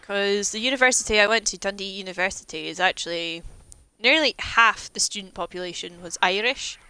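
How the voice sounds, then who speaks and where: A woman's voice: medium pitch, a little fast, sharp tone, smooth, poor audio. A young Scottish woman chatting casually and rambling wryly while she streams a game. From Scotland. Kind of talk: casual chat while playing.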